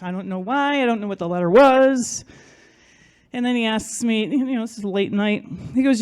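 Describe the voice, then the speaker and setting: A woman's voice: medium pitch, fairly quick, a little mellow, clear, resonant tone. A woman telling a personal story in front of an audience, chatty and self-mocking, acting out what other people said.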